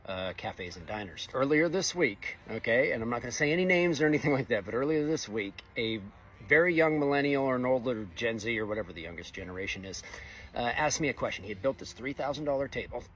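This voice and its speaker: Blunt fast-talking man ranting. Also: mid-range voice, lively intonation, fairly bright tone, husky. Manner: blunt, exasperated, preachy. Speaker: fabricator welder. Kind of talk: casual opinion monologue.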